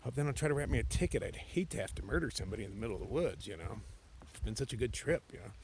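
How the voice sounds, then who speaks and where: A man's voice: fairly low pitch, lively intonation, racing, gravelly, a little hiss or hum. A man vlogging to himself outdoors on a mountain trail, laid-back and joking, swearing freely as he talks. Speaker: thru-hiker vlogger. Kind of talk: casual vlog monologue.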